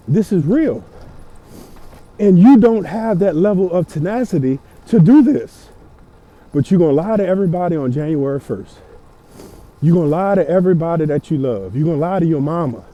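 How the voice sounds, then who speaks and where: A man's voice: on the high side, expressive, moderate pace, warm tone. A man, ranting preachily and emphatically about fitness while riding a bike outdoors in the cold. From Louisiana. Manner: preachy, emphatic, repeats himself. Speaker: fitness vlogger. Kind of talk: motivational rant.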